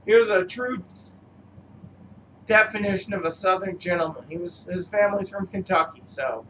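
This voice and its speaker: High, bright-voiced man rambling through stories. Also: slight background noise, poor audio. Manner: meandering, halting, full of fillers. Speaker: cigar reviewer. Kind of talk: rambling personal storytelling.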